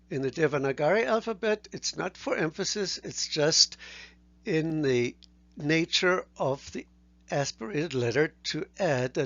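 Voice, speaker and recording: Slow, careful male language teacher. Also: fairly high pitch, a bit bright, dry recording, lo-fi sound. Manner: slow, careful explanation, sounding out letters. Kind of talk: recorded lecture.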